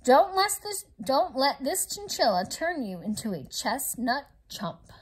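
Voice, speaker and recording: An excitable little male sugar glider in a storybook, loud and emphatic, as a woman puts him on. His voice jumps high and swings widely, with a husky grain. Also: a little slow, full character voice. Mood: indignant.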